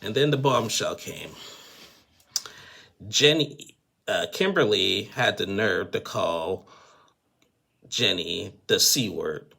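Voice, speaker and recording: A man's voice: lowish voice, animated, slow pace, gravelly, long pauses, bright, forceful tone. A man casually recapping a reality show episode, chatty and opinionated, with lots of fillers and restarts.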